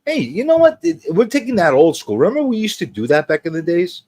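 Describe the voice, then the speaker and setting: Joking, animated male stream host. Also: high voice, fast, no room sound. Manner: joking, rambling, teasing viewers. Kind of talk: casual livestream chat.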